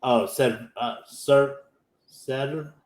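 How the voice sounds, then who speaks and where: A man's voice: medium pitch, steady tone, extremely slow, a little mellow. Easygoing American man in an echoey room. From Houston, Texas. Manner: loose storytelling full of "like" and "you know", acting out characters' lines. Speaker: anime podcast host. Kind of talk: casual episode recap. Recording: roomy echo.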